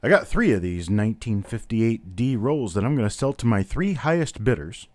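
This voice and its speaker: A man's voice: fairly low pitch, sing-song, normal speed, a little mellow, no echo. A man hosting a live-stream coin auction, chatty, calling out bidders and prices one after another. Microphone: webcam on a stand.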